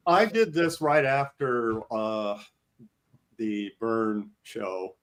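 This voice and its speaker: A man's voice: lowish voice, very slow, fairly bright tone. A man co-hosting a casual podcast, talking modestly about his own inking work with dry humor. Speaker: co-host, comic artist. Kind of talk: casual chat.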